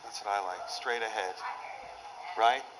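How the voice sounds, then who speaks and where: A man's voice: lowish voice, a little slow. A man doing a crude, rowdy stand-up comedy set in a small club. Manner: brash, crude, rowdy punchline delivery. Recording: noisy live club recording. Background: audience laughter and loud room noise.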